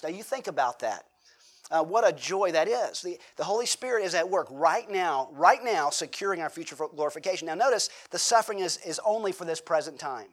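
A middle-aged American pastor with a fairly high voice, preaching in a loose, conversational style. He asks the room rhetorical questions and slips into short acted-out quotes. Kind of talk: sermon.

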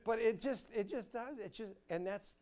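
A male pastor delivers a sermon in a slightly high voice. He talks with lively, animated emphasis, rising for key words and dropping low, and poses questions to his listeners before answering them. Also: normal speed. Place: church sanctuary.

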